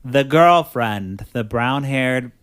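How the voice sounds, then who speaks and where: A man's voice: medium pitch, lively intonation, takes it slowly, a bit bright, smooth. A man hosting a podcast, casually recapping a movie plot and filling his talk with "like". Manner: chatty, fills speech with "like". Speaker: podcast host.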